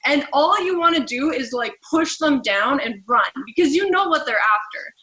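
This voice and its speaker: Chatty woman trainer, bright voice, acts out little convos. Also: sits high, expressive, moderate pace, low-quality recording. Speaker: team trainer. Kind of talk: casual training talk.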